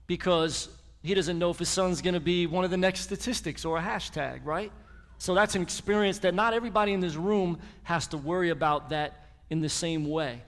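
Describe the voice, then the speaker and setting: Upbeat pastor in a big church hall. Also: male voice, on the high side, a bit bright. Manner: casual, hyping up the crowd. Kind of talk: sermon with guest testimonies. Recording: live in a reverberant hall.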